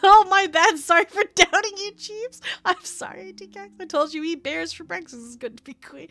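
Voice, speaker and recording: Giggly woman game streamer, high voice, chatty. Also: normal speed, vocal fry, hardly any pauses. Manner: giggly, chatty, animated reactions. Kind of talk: live game stream commentary and reading aloud.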